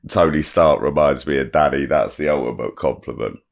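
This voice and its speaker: A man with an extremely deep, low voice trades jokes on a podcast. He boasts in a cocky, playful manner and keeps the banter going. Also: a little fast, creaky. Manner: cocky, jokey. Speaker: podcast co-host. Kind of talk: casual banter.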